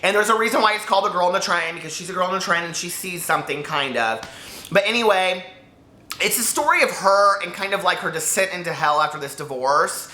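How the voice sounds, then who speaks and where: A man chats casually about a book he loves, rambling and excitable, with frequent restarts and tangents. His voice is bright and forward. The room around him is noticeably echoey. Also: sits high, fast talker. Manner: rambling, excitable, self-interrupting. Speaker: book reviewer. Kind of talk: casual chat to camera.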